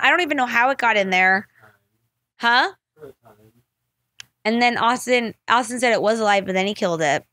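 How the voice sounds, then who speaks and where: Animated woman podcast host, dry sound. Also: on the high side, normal speed, pauses often, no echo. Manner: animated, full of "like" fillers and swearing. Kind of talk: casual storytelling chat.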